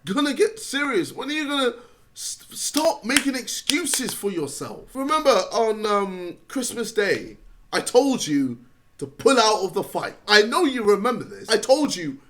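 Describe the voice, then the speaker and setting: A man's voice: high voice, sing-song, measured pace, fairly bright tone. A man speaking frankly and scolding someone directly, swearing freely, in a clip played from another video. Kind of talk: blunt direct address.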